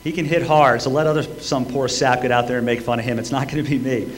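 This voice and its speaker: A man's voice: mid-range voice, fairly even intonation, fast talker, slight background noise. Joking male emcee at a roast. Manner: joking, self-mocking banter.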